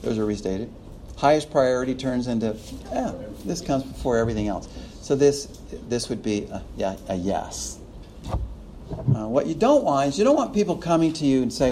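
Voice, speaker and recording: A man's voice: medium pitch, sing-song, unhurried, noisy background. A man teaching a preaching class in a classroom, chuckling often and acting out little quotes as he lectures. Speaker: preaching instructor.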